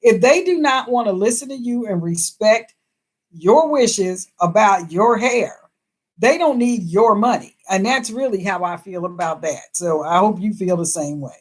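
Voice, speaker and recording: Woman, live-stream host, casual chat, emphatic, laughs a lot, mid-pitched voice. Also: lively intonation, unhurried. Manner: chatty, emphatic, laughs often. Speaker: livestream host reading viewer comments.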